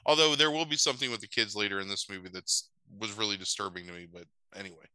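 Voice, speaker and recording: A man's voice: on the low side, quick pace, sharp tone, clear, resonant tone, no room sound, rough recording. A man casually recapping a movie plot with profane, sarcastic asides. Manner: profane, sarcastic, does voices.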